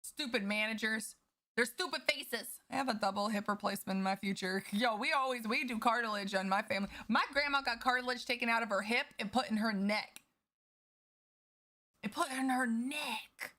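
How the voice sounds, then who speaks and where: A woman's voice: fairly high pitch, a little fast, pushed and bright. A woman livestreamer chatting casually with her viewers, candid and profane as she vents. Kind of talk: casual chat with stream viewers.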